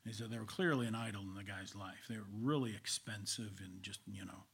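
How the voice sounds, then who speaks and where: A male preacher delivering a sermon, storytelling with swings between loud and whispered delivery. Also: on the low side, a little fast, husky.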